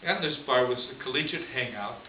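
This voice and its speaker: A man's voice: medium pitch, expressive, fairly quick. A priest telling a story in a homily, chatty and chuckling as he goes. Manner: conversational, chuckles often. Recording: distant echoey lo-fi room recording with hiss.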